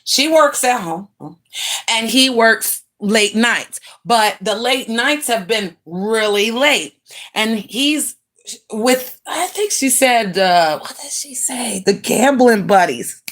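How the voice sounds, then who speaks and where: A woman hosting a livestream, chatting casually and gossiping to viewers in a slangy, profane way, with laughing asides. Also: slow pace. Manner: animated, swings pitch up for greetings and quotes. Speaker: livestream host.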